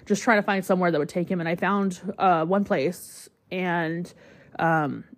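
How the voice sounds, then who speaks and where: A woman podcast host with a slightly lower voice than most women, talking in a casual, confiding style. She tells her story candidly and emotionally, with "like" scattered through nearly every sentence. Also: steady tone, moderate pace, no room sound. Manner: chatty, heavy use of "like", emotional and candid. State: choked up at times.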